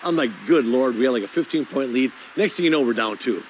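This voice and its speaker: A man telling a basketball story in an interview, animated and laughing as he quotes teammates. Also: medium pitch, fast talker, a little hiss or hum. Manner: animated, laughing, quoting others.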